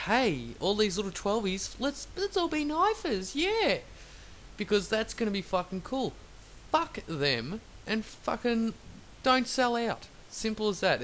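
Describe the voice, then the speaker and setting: A gaming YouTuber, a man with a medium-pitched, slightly bright voice, delivers an angry, profane, rambling rant over gameplay. Faint traffic noise can be heard in the background.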